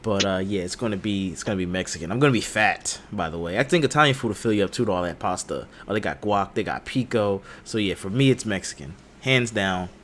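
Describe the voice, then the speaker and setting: Playful low-voiced American man hosting. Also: fast, few pauses, fairly bright tone, slight background noise. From United States. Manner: playful, teasing, jumps into goofy voices. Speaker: podcast co-host. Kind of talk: casual live-stream chat.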